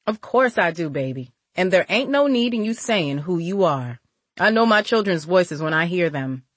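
A woman reading as a gentle caring grandmother. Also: lowish voice, expressive, moderate pace, no room sound. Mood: tender. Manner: soft, affectionate, calls listener baby.

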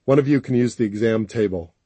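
A man reading an audiobook, voicing a practical, overworked country doctor who speaks in a calm, matter-of-fact way. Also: mid-range voice, fast talker, husky, no room sound, close to an everyday voice.

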